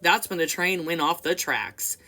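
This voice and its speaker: Young woman, memoir read-aloud, expressive, casual asides, lowish voice. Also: unhurried. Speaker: book reader and commentator. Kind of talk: reading a memoir aloud with commentary.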